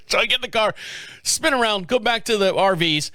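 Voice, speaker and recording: A man's voice: sits high, animated, normal speed, pauses often, bright, forceful tone. A man telling a rambling, profane story in a casual chat, acting out the dialogue as he goes. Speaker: podcast host.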